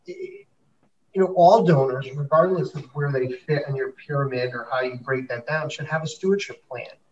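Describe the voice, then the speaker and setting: A man's voice: mid-range voice, normal speed, darkish tone, distant mic. Male host, conversational and affirming, off-mic, dull audio. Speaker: host and fundraising consultant. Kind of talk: podcast conversation.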